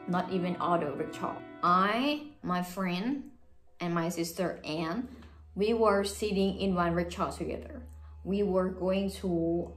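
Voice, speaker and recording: A woman's voice: medium pitch, fairly bright tone, echoey room. A woman from Thailand, a native Thai speaker, chatting to camera as a vlogger, telling a personal story with lots of "like" and "you know" fillers.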